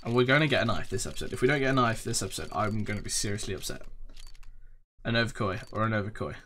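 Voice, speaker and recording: A young man casually commenting as a gaming video host, excitable, swearing and chanting impatiently. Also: lowish voice, quick pace, slight background noise. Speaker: gaming YouTuber. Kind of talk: casual commentary over case opening.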